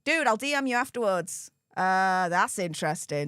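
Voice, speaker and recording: A woman, hosting a casual livestream and teasing her audience in a lively, mocking way. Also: mid-range voice, moderate pace, clean tone, no echo, studio quality. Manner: animated and mocking, gleefully teasing. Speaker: livestream host. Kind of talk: casual live commentary.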